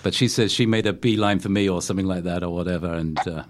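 A man's voice: low-pitched, fast. A man in his fifties from England with a London accent, chatting as an interview guest in a cheeky, self-deprecating storytelling way. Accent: London English. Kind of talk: casual interview chat.

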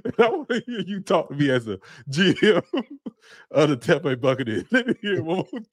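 A man co-hosting a casual sports podcast, easygoing and quick to laugh. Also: a little high, big pitch swings, no room sound, studio quality. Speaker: podcast co-host, former football player.

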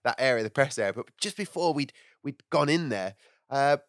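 A man co-hosting a podcast, telling stories in an animated way and often laughing. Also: mid-range voice, brisk, no room sound, clean studio sound. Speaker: podcast co-host. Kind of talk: casual chat.

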